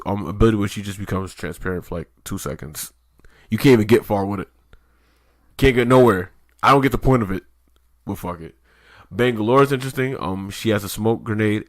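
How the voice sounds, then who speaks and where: A man's voice: on the low side, no echo, studio quality. A man co-hosting a podcast in loose casual chat, rambling with lots of fillers and swearing. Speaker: podcast co-host.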